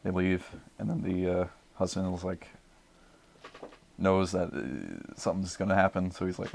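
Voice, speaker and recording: A young man on a podcast, casually rambling through a movie pitch with lots of fillers. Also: normal speed, gravelly, slight background noise. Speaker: podcast regular.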